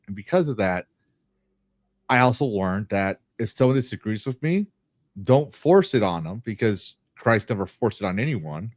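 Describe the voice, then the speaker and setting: Low-voiced male podcast host, rambling. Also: lively intonation, normal speed, dry recording. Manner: rambling, restarts and fillers, earnest. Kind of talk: casual podcast chat.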